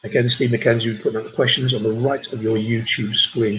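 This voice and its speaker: A man's voice: mid-range voice, fairly even intonation, fairly quick, hardly any pauses, lo-fi sound, a little hiss or hum. A man hosting a charity pub quiz livestream, chatting and reading out donors' messages between the questions. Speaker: quiz host.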